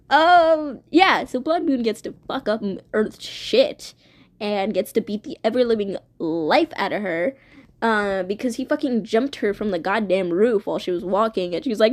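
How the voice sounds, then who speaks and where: A woman's voice: a little high, animated, a little slow. Rambling, profane young woman streamer. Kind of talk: casual retelling of her own fanfic.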